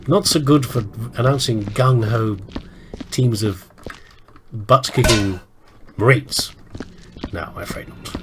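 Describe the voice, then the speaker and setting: This is rambling gameplay commentary from a British man hosting a let's play, chatty and self-deprecating as he talks to himself. He speaks at a moderate pace in a medium-pitched voice with big pitch swings, over a little hiss or hum.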